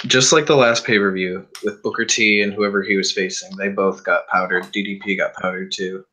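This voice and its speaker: A man's voice: sits low, fairly even intonation, brisk, sharp tone, rough recording. A man in a casual podcast chat who talks bluntly and swears a lot.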